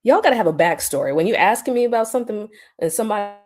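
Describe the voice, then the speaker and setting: A woman's voice: medium pitch, animated, very fast, darkish tone. A woman hosting a casual livestream, answering her chat with teasing remarks and frequent laughter. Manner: laughs often, teasing and mocking.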